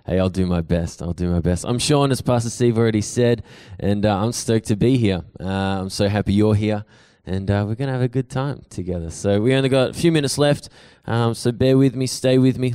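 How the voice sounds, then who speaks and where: A man's voice: mid-range voice, smooth, dry recording, clean studio sound. Chatty young man preaching. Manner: chatty, joking, many fillers and asides. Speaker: guest speaker. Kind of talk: casual storytelling sermon. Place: church service.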